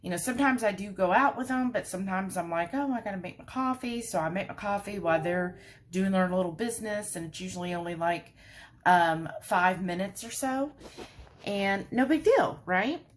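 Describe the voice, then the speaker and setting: Woman, chatty vlogger, animated storytelling with lots of asides. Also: medium pitch, moderate pace. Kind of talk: casual storytelling.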